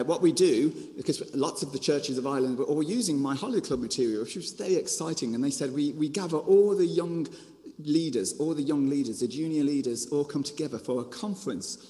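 A man from Birmingham with a Birmingham accent, preaching a storytelling sermon as a children's ministry author, with a lively manner full of restarts and asides. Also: mid-range voice, in a large hall. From Birmingham, England.

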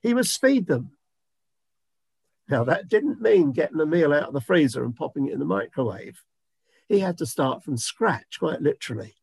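A man's voice: fairly high pitch, gravelly, darkish tone, breathy edge, no room sound. A man preaching a sermon, telling a Bible story expressively and voicing the dialogue.

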